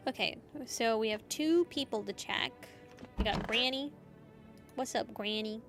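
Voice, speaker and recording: A woman streamer talks her way through a game, chatting playfully with the characters on screen. Her voice sits somewhat high. Faint music plays underneath. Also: unhurried. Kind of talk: casual game commentary.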